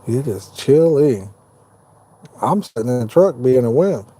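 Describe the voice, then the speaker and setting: A man's voice: medium pitch, lively intonation, measured pace, warm tone, husky. A man from Indiana, hosting a fishing live stream from inside his truck and chatting casually with viewers by name. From Indiana, United States. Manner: folksy, easygoing, talks to viewers by name. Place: inside a parked truck at night.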